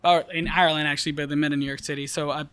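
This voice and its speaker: A man's voice: on the high side, flat delivery, racing, fairly bright tone, smooth, dry recording. A man from Puerto Rico, a master distiller and guest, chatting casually and animatedly, with frequent swearing and easy laughs. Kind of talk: casual chat.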